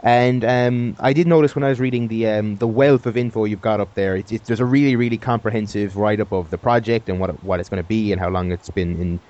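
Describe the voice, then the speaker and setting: A man's voice: lowish voice, steady tone, brisk, hardly any pauses, darkish tone, highs cut off. A man hosting an interview, enthusiastic and stumbling over his restarts as he asks questions. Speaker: interviewer, radio host. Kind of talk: casual interview chat.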